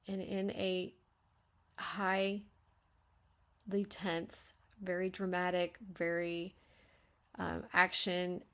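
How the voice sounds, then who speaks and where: Gravelly-voiced woman critiquing a manuscript. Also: on the low side, a bit bright. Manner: thinks aloud, stopping and restarting; acts out lines to show emphasis. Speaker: beta reader giving feedback.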